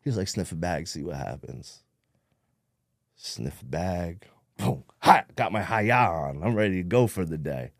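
A man's voice: sits low, expressive, unhurried, no room sound, clean studio sound. A man from New Jersey with a New Jersey accent, telling his story bluntly in a casual interview, swearing freely and acting out what people said. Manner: streetwise, blunt, swears a lot, acts out quotes. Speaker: podcast guest.

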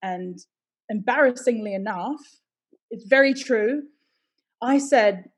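A middle-aged woman from the United States, a stage performer chatting as an interview guest, telling lively stories with laughter and the odd swear word. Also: a little high, slow pace, long pauses. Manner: animated storyteller, swears, laughs often. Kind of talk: casual interview chat.

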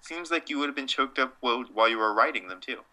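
A man's voice: medium pitch, animated, pushed and bright. A young man co-hosting a casual sports chat, dry and wry, playing dumb for laughs. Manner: dry, wry, deliberately obtuse. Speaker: podcast co-host.

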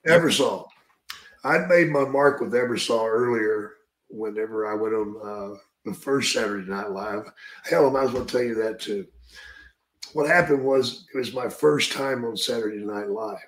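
A man's voice: fairly low pitch, fairly bright tone, echoey room, low-quality recording. A man telling a long story in a drawling, profane way, leaning on "brother" and "man". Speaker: podcast host and retired wrestler telling stories. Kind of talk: casual storytelling.

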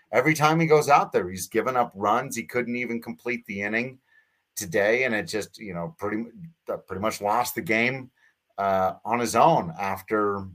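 Low-voiced man chatting about baseball. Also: a bit bright. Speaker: baseball podcast co-host. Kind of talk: casual sports chat.

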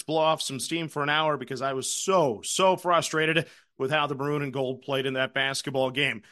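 In a casual betting recap and picks segment, a middle-aged host with a bright, high voice chats through his card. He keeps it conversational, telling stories and teasing himself over his run of losses.

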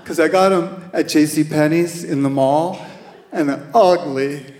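A woman's voice: low-pitched, fairly even intonation, a little slow, darkish tone. A man storyteller quoting a bored, mocking teenage girl on a bad trip, his voice lifted a little and drawled, heard in an echoey hall. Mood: dazed.

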